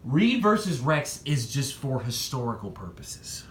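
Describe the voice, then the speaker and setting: A young man in a casual vlog giving excited predictions and talking straight to the people he discusses. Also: measured pace, reverberant, a little hiss or hum. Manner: excitable, talks straight to the rappers, jumps in pitch. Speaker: battle rap commentator.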